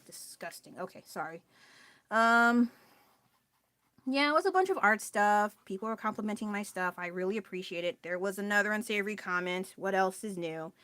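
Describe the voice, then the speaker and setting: A woman's voice: medium pitch, moderate pace, pushed and bright. Tired young woman rambling on stream. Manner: rambling, scattered, self-deprecating, laughs often. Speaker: artist live-streamer. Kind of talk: casual live-stream chat while painting.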